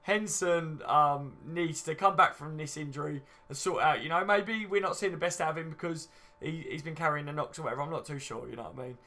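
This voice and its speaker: A man's voice: on the high side, fairly quick, pushed and bright. A man hosting a casual live stream, chatting and reading out viewer comments with easy banter. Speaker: fan channel host.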